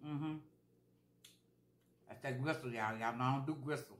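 A woman's voice: very deep voice, moderate pace, reverberant. A woman vlogger talking casually while she eats, chatty and repeating herself for emphasis. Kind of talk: casual mukbang chat.

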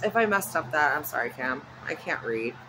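A woman's voice: low voice, lively intonation, moderate pace, background noise. A woman vlogging at home in a casual, chatty way, rambling off into asides. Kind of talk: casual chat. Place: at home with her dog nearby.

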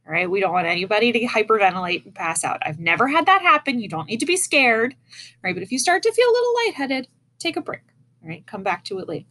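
Her medium-pitched voice is fast, pushed and bright, with big pitch swings. She teaches children music online, patiently, demonstrating breaths as she goes. She sits in a chair indoors, and a camera is in front of her.

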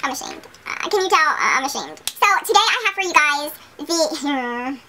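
A woman's voice: high-pitched, expressive, moderate pace, sharp tone. A woman beauty vlogger in goofy blooper chatter, silly and giggly with crude jokes. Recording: noisy background.

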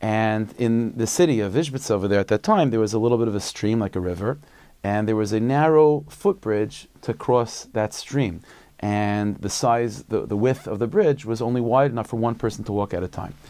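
A rabbi tells a story in a relaxed, conversational way, full of fillers. His voice is low and gravelly with a dark, mellow tone, recorded close and dry. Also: normal speed, no echo. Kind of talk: storytelling talk.

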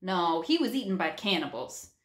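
A woman reading aloud and voicing an easygoing, blunt male hobo in a flat, matter-of-fact way. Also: fairly low pitch, normal speed. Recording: roomy echo.

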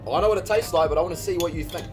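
A man's voice: a little high, very fast, over music. Laughing young New Zealand man. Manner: laughs often, swears freely. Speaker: vlogger hosting beer tasting. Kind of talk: casual chat.

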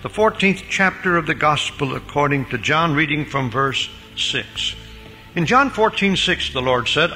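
An older man preaches a recorded Bible lecture in a gravelly, bright voice that swings widely between loud emphasis and quiet asides. The sound carries a long hall reverb over faint background music. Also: fairly high pitch, lively intonation, normal speed. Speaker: pastor.

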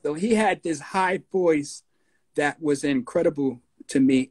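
A man in his sixties with a New York accent, a guest recalling his past in a relaxed storytelling interview. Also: on the high side. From United States. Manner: slow, unhurried storyteller with husky tone, breaks into voices of radio DJs.

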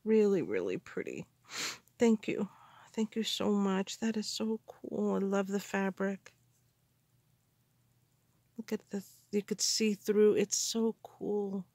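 A woman in a casual craft haul video, gushing with excited gasps and exclamations over the supplies she unpacks. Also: medium pitch, takes it slowly, pauses often, no echo. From Canada. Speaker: crafter unboxing mail.

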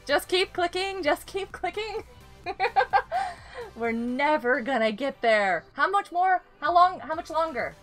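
A woman's voice: sits high, animated, measured pace, a bit bright, faint music behind. A young woman live-streaming a game, chatting casually and giggling often as she greets viewers.

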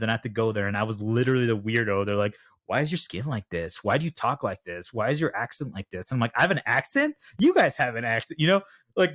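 A man's voice: lowish voice, dry recording, studio quality. A young man hosting a podcast interview, asking long rambling questions and acting out little quoted exchanges. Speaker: podcast host. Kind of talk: conversational interview.

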